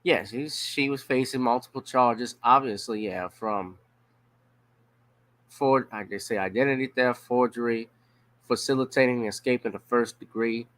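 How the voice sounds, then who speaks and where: A man's voice: mid-range voice, fairly bright tone, dry recording. A man from Louisiana, giving blunt, profane casual commentary on a news story. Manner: blunt, profane, drawn-out emphasis.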